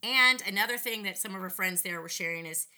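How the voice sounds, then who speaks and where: Bright, animated middle-aged woman. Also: mid-range voice, fairly quick. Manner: animated, indignant retelling with lively acted-out quotes. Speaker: podcast guest. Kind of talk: casual storytelling conversation.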